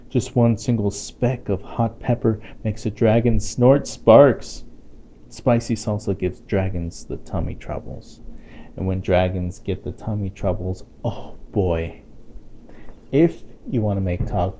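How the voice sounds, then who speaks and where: A man reading a picture book aloud to a child, playful and expressive, with chatty asides to his young listener. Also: fairly low pitch, a little hiss or hum. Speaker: storytime reader.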